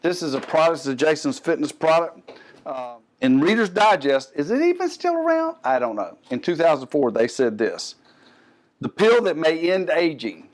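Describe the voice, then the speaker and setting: A man's voice: on the high side, sing-song, moderate pace. A middle-aged man with a Southern American accent, hosting a fitness show and chatting casually about a product with joking asides. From Gulf Coast of the US. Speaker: host.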